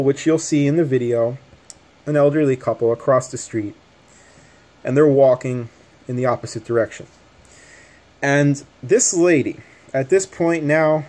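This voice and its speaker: A man's voice: fairly high pitch, darkish tone. Rambling, agitated man telling a story. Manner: agitated, rambling, many fillers and restarts. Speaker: vlogger. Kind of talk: casual storytelling to camera.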